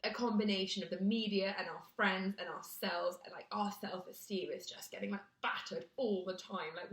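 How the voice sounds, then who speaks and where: A woman's voice: medium pitch, a little fast, few pauses, fairly bright tone. A woman in her twenties from Britain, vlogging to camera in a casual, self-deprecating, chatty way with lots of fillers. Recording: echoey room.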